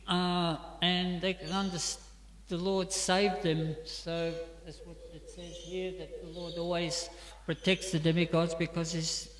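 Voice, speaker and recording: A man's voice: high voice, a bit bright. A man with an Australian accent giving a scripture class in a temple, telling stories in a chatty way with many fillers. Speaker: class speaker. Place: temple hall. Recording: echoey temple hall.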